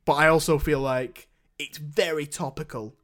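A man's voice: fairly high pitch, fairly even intonation, normal speed, fairly bright tone. A young man in casual chat, reviewing films with a rambling manner and many restarts. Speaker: podcast co-host reviewing films.

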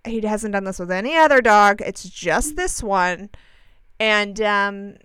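A woman's voice: medium pitch, a little slow, clean tone, dry recording. A young woman telling a long story to her listeners in a casual, chatty way, acting out what people said and correcting herself as she goes. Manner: chatty, animated, acts out quoted dialogue, frequent fillers and self-corrections.

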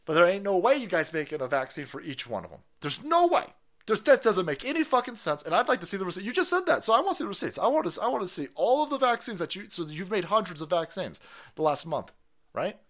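A man's voice: high-pitched, sing-song, fast, fairly bright tone. A man hosting a live stream, ranting heatedly and mockingly with lots of swearing. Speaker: stream host. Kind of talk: profane ranting commentary.

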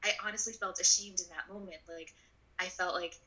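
A woman in her twenties telling a personal story in an interview, animated and full of "like", acting out the voices of people in her story. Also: on the low side, a little fast, poor audio. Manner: animated, acts out voices in quotes; filler-heavy, frequent "like". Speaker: guest.

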